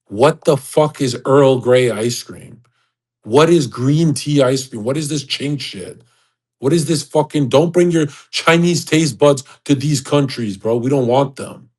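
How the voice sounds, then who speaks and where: Young adult man, breathy and husky, a blunt profane ranter hosting a live audio room. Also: mid-range voice, darkish tone, rough recording. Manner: blunt, crude, ranting. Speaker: host of an audio chat room. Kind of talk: casual profane rant.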